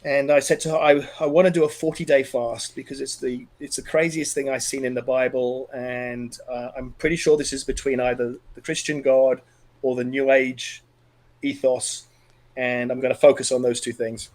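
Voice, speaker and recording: A middle-aged man telling a personal story as a podcast guest, earnest and emotional, halting and restarting as he talks. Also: mid-range voice, flat delivery, a little mellow, low-quality recording. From Australia.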